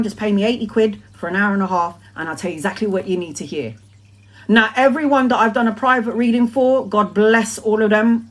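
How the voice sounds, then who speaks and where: A tarot reader in her forties speaks in a medium pitch during a casual live-stream monologue. She is emphatic and repetitive, swearing freely throughout.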